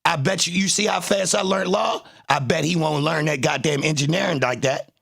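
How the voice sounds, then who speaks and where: A man hosting a livestream, talking in a casual, animated, boastful way full of profane trash talk. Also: on the high side, brisk, gravelly, slightly rough. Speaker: livestream host.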